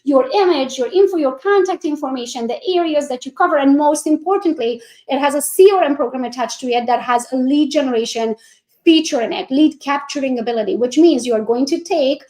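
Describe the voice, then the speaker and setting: A woman coaching real estate agents, who talks fast and a lot and acts out sales calls in a bubbly voice. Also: high voice, warm tone, echoey room. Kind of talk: coaching presentation.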